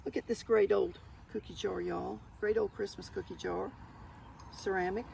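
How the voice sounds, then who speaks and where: An older Southern woman, a thrift haul vlogger, shows off her yard sale finds in a mid-range, gravelly voice with a creaky edge, speaking at normal speed. Chatty and folksy, she keeps calling her audience y'all in a relaxed show-and-tell. The audio is poor, with slight background noise.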